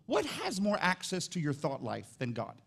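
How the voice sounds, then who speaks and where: A man preaching a sermon in a church, his voice pitched high and roughened by a gravelly fry. He swings between quiet, muttered asides and loud, rousing exhortation, leaning into the crowd one moment and confiding the next. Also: huge pitch swings, moderate pace. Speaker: pastor.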